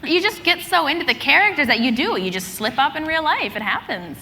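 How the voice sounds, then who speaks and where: Bright, lively young woman on a panel. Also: high voice, quick pace. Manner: animated, laughing, acts out reactions. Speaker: panelist, role-play streamer. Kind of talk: panel storytelling on stage. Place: large convention hall stage. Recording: convention hall with crowd noise.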